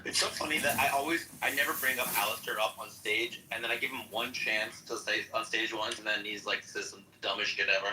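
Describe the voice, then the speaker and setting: A man hosting a casual online voice chat, joking and quick to laugh. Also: fairly low pitch, steady tone, far from the mic, background noise. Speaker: host of an online voice chat room.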